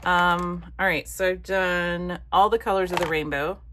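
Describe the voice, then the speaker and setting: A woman chatting casually while she crafts, rambling from one thought to the next and dropping soft muttered asides. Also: lowish voice, fairly even intonation, unhurried, slight background noise. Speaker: craft vlogger.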